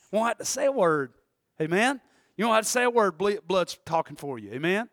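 Male preacher with a very high voice, shouting and dropping to a murmur, dry sound. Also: brisk, no echo. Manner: animated, swinging from loud shouts to low murmurs. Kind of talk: sermon.

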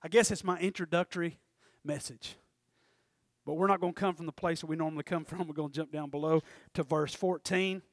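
A man's voice: a little high, fairly even intonation, fairly quick, dry recording, clean studio sound. A man preaching a folksy, conversational sermon, often checking in with the congregation.

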